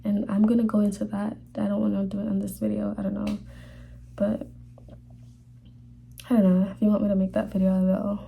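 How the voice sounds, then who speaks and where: A young woman telling a personal faith testimony in a halting, casual way, full of fillers, sometimes dropping to a whisper. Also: mid-range voice, little pitch movement, gravelly, mellow, slight background noise. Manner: halting, many fillers, drops to whispers when emotional. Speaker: vlogger sharing a faith testimony.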